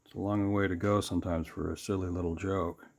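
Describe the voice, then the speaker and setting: A man hosting his sketchbook channel, casually narrating while he draws, relaxed with self-deprecating asides. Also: sits low, a little fast, gravelly.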